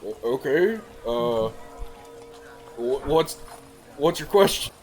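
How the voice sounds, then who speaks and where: A man's voice: mid-range voice, lively intonation, takes it slowly, a little mellow, faint music behind. A man voicing a startled, cursing farmer who stammers in confusion. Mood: confused. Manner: flustered, stammering, swearing.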